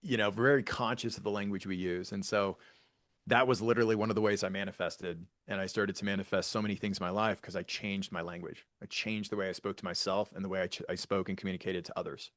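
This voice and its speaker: A male podcast guest recounts a personal story with upbeat earnestness. His voice sits fairly low. The recording is dry and close, with no room sound. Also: fairly even intonation, fast talker, fairly bright tone, no room sound. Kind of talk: casual conversation.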